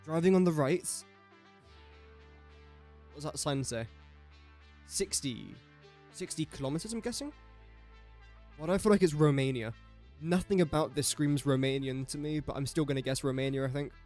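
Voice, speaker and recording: Chatty young English streamer, higher voice. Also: male voice, normal speed, long pauses, a little mellow, faint music behind. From England. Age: young adult. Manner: chatty, self-mocking, mutters while guessing. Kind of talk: casual live-stream commentary.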